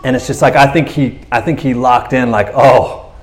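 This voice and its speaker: A man's voice: mid-range voice, fairly even intonation, fairly quick. A male preacher giving a casual, chatty sermon, full of slangy asides and fillers.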